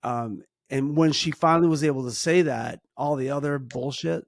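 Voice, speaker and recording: A middle-aged man co-hosting a casual advice chat. He talks earnestly about parenting, often restarts his sentences and slows down to stress a point. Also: medium pitch, no echo, clean studio sound. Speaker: podcast co-host, parent.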